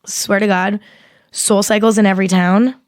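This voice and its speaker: A young woman hosting a casual solo podcast, rambling and swearing as she talks in an animated, exaggerated way into a close mic. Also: mid-range voice, normal speed, dry recording. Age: young adult. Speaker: podcast host.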